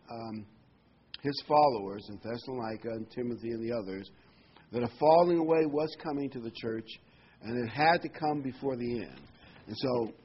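Male preacher, sermon with scripture reading, emphatic repetition, medium pitch, lo-fi muffled sound. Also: slightly rough. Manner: emphatic, repeats key phrases. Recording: muffled lo-fi recording.

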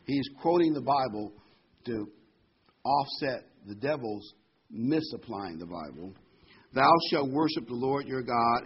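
A man preaching a sermon, reading scripture slowly and telling folksy jokes. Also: mid-range voice, muffled recording, slight background noise. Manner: folksy, reads scripture slowly, laughs at his own jokes.

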